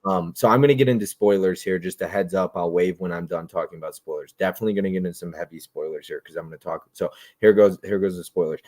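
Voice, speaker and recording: A man hosting a casual livestream about movies, rambling and jokey, often breaking into loud impressions. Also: sits low, fast, few pauses, no room sound. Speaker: host.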